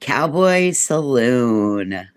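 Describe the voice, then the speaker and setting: A woman hosting a casual livestream, chatting easily with her viewers and swearing freely as she goes. Her voice swoops up and down expressively, and she talks at an unhurried pace. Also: very deep voice, big pitch swings, smooth. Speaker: livestream host. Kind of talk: casual chat.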